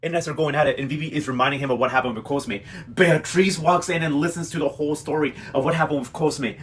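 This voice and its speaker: A man casually recapping a TV drama in a gossipy, animated way, acting out the characters' lines as he goes. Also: a little high, fast talker, a little hiss or hum. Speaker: host recapping a TV novela. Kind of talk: casual chat.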